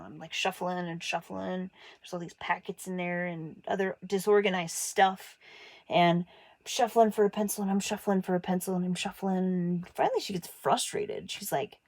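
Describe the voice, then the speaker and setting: A woman from Montana telling personal stories about growing up, in a casual, candid way. She throws her voice up high when she quotes teachers and family, making the stories animated. The room sounds dry, with no echo. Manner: animated, acts out quoted voices with big pitch jumps. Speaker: artist telling her life story.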